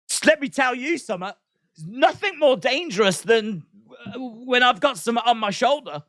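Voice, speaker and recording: Male streamer, lively pitch swings, chatty live reactions, close dry sound. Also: normal speed, dry recording. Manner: animated, repeats lines, laughs at himself.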